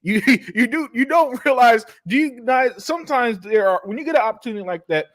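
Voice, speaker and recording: A man's voice: very high voice, expressive, a little fast, a bit bright. A man hosting a casual opinion chat, combative, often repeating his words.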